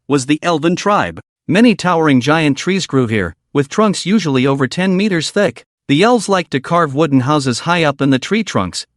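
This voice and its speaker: Lively higher-pitched male recap narrator. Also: dry recording, clean studio sound.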